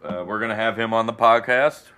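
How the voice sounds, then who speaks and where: A man's voice: fairly low pitch, a little fast, pushed and bright, smooth. A man co-hosting a podcast, riffing in a sarcastic, joking manner. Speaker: podcast co-host. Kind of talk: casual chat.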